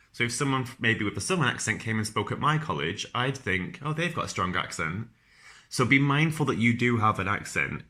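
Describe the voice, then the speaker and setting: A young podcast host with a strong Northern English accent gives casual careers advice, chatty and informal, full of ums and restarts. His voice is fairly low with a sharp tone.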